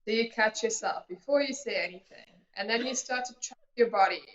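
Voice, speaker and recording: A woman with a bright, clear voice explains her advice earnestly, as a relationship coach talking through a video call. The sound is muffled and rings in a roomy, echoey space. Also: fairly high pitch, fairly quick. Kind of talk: casual interview advice.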